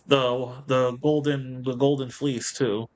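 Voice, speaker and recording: A man co-hosting a casual chat, relaxed and swearing casually as he works through details. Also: mid-range voice, unhurried. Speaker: podcast co-host. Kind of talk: casual chat about video games.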